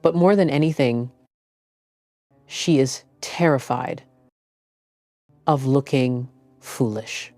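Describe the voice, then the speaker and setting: A woman giving scripted motivational relationship advice, speaking in a slow, deliberate and emphatic way. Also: extremely low pitch, dark tone, no room sound, faint music behind.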